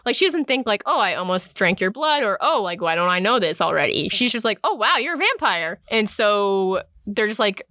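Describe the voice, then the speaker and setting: A woman's voice: moderate pace, few pauses, dry recording, clean studio sound. Young woman animatedly recapping a story. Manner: animated storytelling, acts out characters in pitched-up voices. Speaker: podcast host recapping a book. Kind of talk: casual chat.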